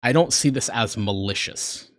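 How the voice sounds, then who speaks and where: A man's voice: medium pitch, moderate pace, a bit bright, no room sound, clean studio sound. An American man in his twenties or so, talking casually and earnestly while reacting to videos on a stream, sometimes rambling. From United States. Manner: earnest, rambling, emotional at times.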